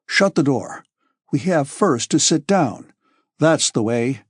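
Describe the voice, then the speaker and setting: A man reading aloud plays an impatient young aristocrat with a husky edge, his voice lifted and urgent. The sound is close and dry, with no room around it. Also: a little high, animated, slow, no room sound, full character voice. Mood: eager. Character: reckless young nobleman eloping, eager. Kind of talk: audiobook character voice.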